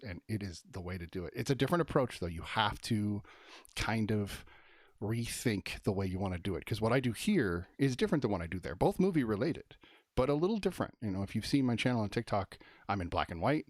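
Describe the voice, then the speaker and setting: A man hosting a casual movie review live stream, thinking out loud and talking fast with lots of fillers. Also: lowish voice, no echo, studio quality.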